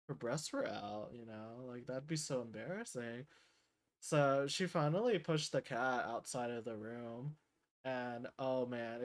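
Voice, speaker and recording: A young man streaming live, telling a work story in a loose, rambling way with lots of fillers. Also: fairly high pitch. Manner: rambling, laid-back storytelling with many fillers. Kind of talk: casual livestream chat.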